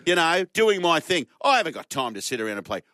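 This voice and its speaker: An Australian man hosts a radio show, teasing his co-hosts with lively, animated banter. His pitch sits a touch high and leaps for emphasis. The studio sound is close and dry. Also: fast talker, no room sound. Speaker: radio host.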